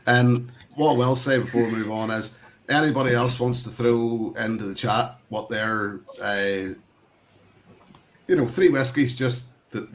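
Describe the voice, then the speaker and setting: A man's voice: medium pitch, fairly bright tone. A man with a Northern Irish accent hosting a casual whisky chat on a video call, rambling and laughing often. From Northern Ireland. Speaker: host of online whisky tasting.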